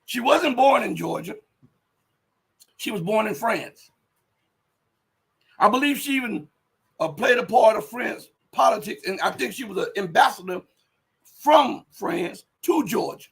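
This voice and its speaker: Man, high-pitched, livestream host, casual commentary, rambling, emphatic, mutters while searching. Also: expressive, a little slow, creaky, long pauses, low-quality recording. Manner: rambling, emphatic, rises to loud outbursts.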